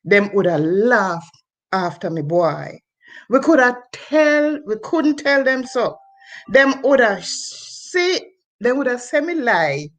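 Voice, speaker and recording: A woman puts on a Jamaican parent scolding a son in rhythmic dialect verse. The voice sits a little high and moves slowly. It comes through a video call. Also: big pitch swings. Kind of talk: dialect poetry recitation.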